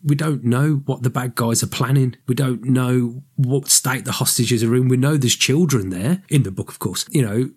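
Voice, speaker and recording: A man's voice: medium pitch, moderate pace, few pauses, slightly rough. A man co-hosting a podcast, chatting casually about a book and its film, rambling and correcting himself. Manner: rambling, self-correcting, animated. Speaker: podcast co-host.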